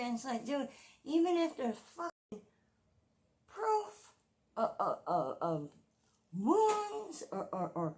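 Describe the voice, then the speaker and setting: A woman in her forties ranting in a casual commentary vlog, profane and repetitive, with loud outbursts. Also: fairly high pitch. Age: 40s. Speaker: commentary vlogger.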